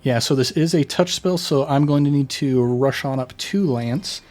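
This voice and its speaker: A man's voice: medium pitch, normal speed, darkish tone, faint music behind. A man playing a tabletop game who works methodically through his turn and reads out the rules. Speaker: player.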